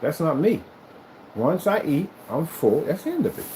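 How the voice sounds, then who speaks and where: A man's voice: fairly high pitch, sing-song, normal speed, noisy background. A man chatting casually to camera in an emphatic, rambling way, often repeating himself. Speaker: vlogger.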